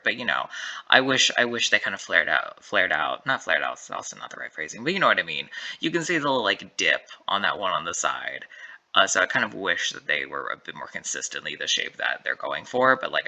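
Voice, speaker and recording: A man's voice: low-pitched, very animated, fairly quick, vocal fry, bright, forceful tone. A man giving a casual solo recap of runway looks, rambling, correcting himself often, and filling gaps with "like" and "you know". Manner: rambling, self-correcting, lots of fillers. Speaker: drag race recap commentator.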